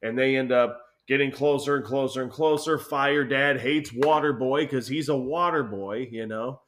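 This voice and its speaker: A man's voice: medium pitch, normal speed, a bit bright. A young man telling a rambling, profanity-filled story in casual chat as a podcast co-host.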